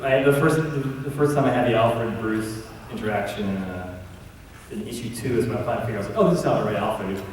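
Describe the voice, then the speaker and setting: A man's voice: fairly low pitch, a little fast. A man, a comic book writer, talking casually on a convention panel, rambling and self-deprecating with many restarts. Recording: roomy hall, mic heard from a distance, faint background noise.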